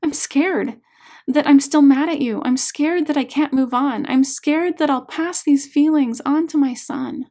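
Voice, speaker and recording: A woman's voice: sits high, a little slow, mellow, voice pushed up. A woman reading an audiobook, voicing a troubled adult woman client who speaks emotionally and confessionally during a therapy session. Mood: angry.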